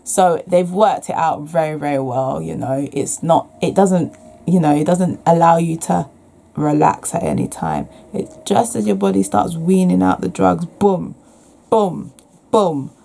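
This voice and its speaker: This deep, gravelly female voice belongs to a young adult vlogging candidly to camera about what she's been through. She speaks at a moderate pace with expressive delivery, pausing to sigh softly and frequently starting her thoughts over as she reflects.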